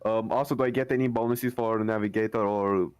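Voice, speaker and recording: A man with a fairly low voice plays a tabletop game and speaks hesitantly, with plenty of fillers. The sound is dry and close, with no room echo. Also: steady tone, a little fast, darkish tone, clear, resonant tone. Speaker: player. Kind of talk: tabletop role-play chat.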